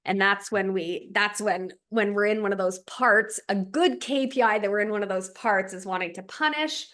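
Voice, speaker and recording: Brief: female relationship coach, podcast talk, reflective, medium pitch, lays things out step by step. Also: moderate pace, fairly bright tone. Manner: reflective, explains with examples and checklists.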